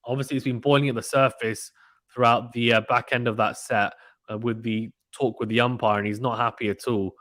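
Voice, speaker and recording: A man doing casual live play-by-play tennis commentary, reading out chat messages in an excitable, slangy way. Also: medium pitch, brisk, no room sound. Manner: chatty, excitable, uses British slang.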